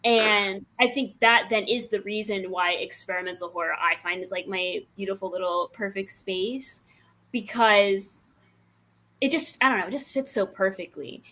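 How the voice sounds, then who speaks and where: A woman's voice: mid-range voice, steady tone, normal speed, sharp tone. A woman from New York, a filmmaker answering interview questions casually, thinking aloud with fillers. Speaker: filmmaker guest.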